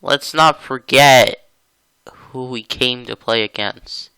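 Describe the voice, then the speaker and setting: A man hosting his own gaming channel, commenting casually over a hockey video game in a rambling, chatty way with sudden excited outbursts. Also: medium pitch, slow, smooth, dry recording.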